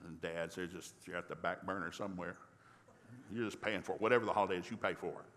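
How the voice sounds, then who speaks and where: An older man, a pastor from the rural South, tells a family story in a folksy, animated sermon. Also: low voice, quick pace, long reverb tail. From rural American South.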